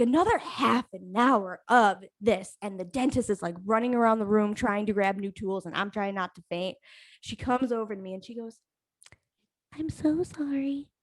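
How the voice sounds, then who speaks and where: A young adult woman telling a comic personal story on a live stream, profane, animated and self-mocking. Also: medium pitch, no room sound.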